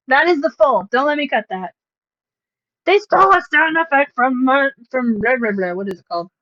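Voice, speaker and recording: A woman's voice: high-pitched, expressive, normal speed, fairly bright tone, dull audio. A woman livestreamer chatting casually, rambling with sarcastic, self-mocking asides.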